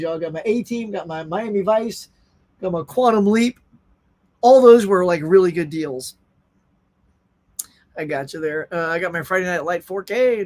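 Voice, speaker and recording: A middle-aged man hosting a casual live stream, chatting animatedly and reading viewer comments aloud. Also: sits high. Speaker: host.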